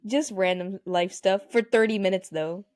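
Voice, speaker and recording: A young adult woman co-hosting a podcast, chatting casually with relaxed, dry quips and laughter. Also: medium pitch, moderate pace. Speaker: podcast co-host, student. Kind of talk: casual chat.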